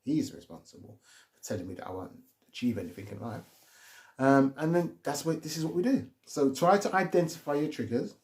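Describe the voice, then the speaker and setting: A man's voice: mid-range voice, expressive, fairly quick, a little mellow. A man giving rambling, casual advice on emotional triggers, often restarting his sentences. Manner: rambling, repeats and restarts himself.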